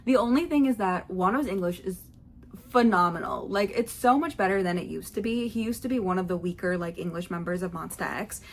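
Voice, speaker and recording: A young woman recaps a concert for her vlog in a chatty, rambling way. She fills her sentences with fillers and quotes herself, and her voice sits at a middle pitch. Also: brisk. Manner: rambling, excitable, lots of fillers and self-quotes. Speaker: vlogger.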